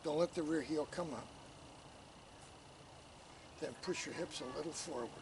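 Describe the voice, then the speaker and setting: A man's voice: on the high side, normal speed. Man coaching posture, distant and noisy. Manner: calm step-by-step directions. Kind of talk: instructional coaching. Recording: distant mic, noisy outdoor background.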